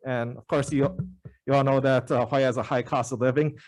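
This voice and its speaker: Halting man testifying at a hearing. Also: mid-range voice, fairly even intonation, a little mellow. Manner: halting, many uh fillers, earnest. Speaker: member of the public testifying.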